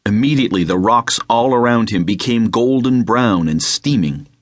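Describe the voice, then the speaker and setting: A man reading an unabridged novel aloud, with measured, dramatic storytelling into a close mic. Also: mid-range voice, animated, no echo. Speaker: audiobook narrator. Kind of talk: scripted narration.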